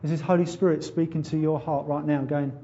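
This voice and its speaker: Impassioned preacher, muffled recording. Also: male voice, fairly high pitch, flat delivery, a little fast. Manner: impassioned, rhetorical questions, builds to loud exhortation. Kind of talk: sermon.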